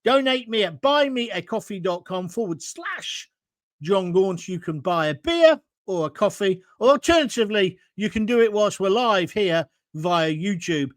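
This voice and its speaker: A middle-aged man hosts a live political talk stream, arguing hard and rising to near shouts. His voice sits unusually high for a man. The sound is dry and close, with no room around it. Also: animated, moderate pace, no echo. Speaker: host of a live online political show. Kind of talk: opinionated live-stream commentary reading viewer comments.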